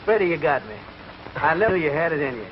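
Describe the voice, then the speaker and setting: A man's voice: fairly high pitch, animated, fast talker. A man acting as an eager, exclaiming straight man in 1940s film comedy banter. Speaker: film actor playing himself. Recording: dull, noisy 1940s film soundtrack.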